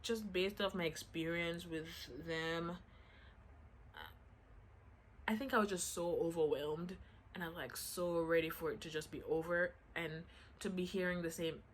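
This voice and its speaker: Woman, vlog storytime, chatty, slightly low voice, acts out quotes. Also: fairly even intonation, normal speed, a little hiss or hum. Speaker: vlogger telling a story. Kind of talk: casual storytime chat.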